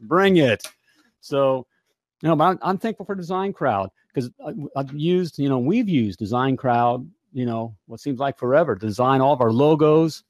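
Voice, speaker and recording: A man's voice: medium pitch, moderate pace, a little mellow, dry recording. An American man hosting a live podcast, chatting in an upbeat, folksy way and repeating himself often. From United States. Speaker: podcast host. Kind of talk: upbeat live show chat.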